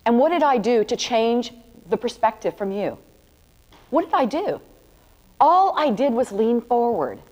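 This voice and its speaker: A photography instructor leads a workshop before a live audience in a large room, chatting directly as she walks students through demonstrations. Her voice is fairly high and a little mellow, with big pitch swings and an unhurried delivery. The recording has the reverb of a hall and faint ambient noise.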